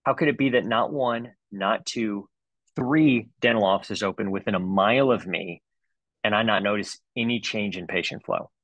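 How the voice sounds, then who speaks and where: A man's voice: lowish voice, moderate pace, a bit bright, dry recording, poor audio. A man in his forties, a dentist, giving a comedic webinar talk with playful, exaggerated storytelling. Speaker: dentist presenter.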